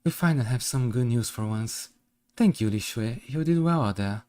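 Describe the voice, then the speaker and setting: A man voicing a gentle young mother, speaking softly and calmly. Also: medium pitch, moderate pace, close to an everyday voice.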